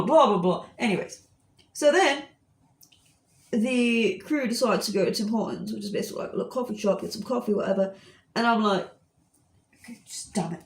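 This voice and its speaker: An art streamer in her twenties chats casually as she draws, spinning a rambling story packed with fillers. Her voice sits in the mid range and sounds like it's in an echoey room.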